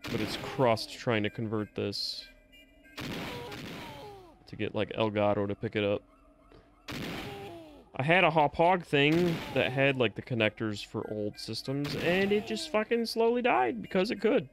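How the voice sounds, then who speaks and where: A man giving casual live commentary as he plays a game, reacting out loud, swearing freely and talking back to the game. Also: mid-range voice, a little slow, long pauses, faint music behind. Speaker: streamer.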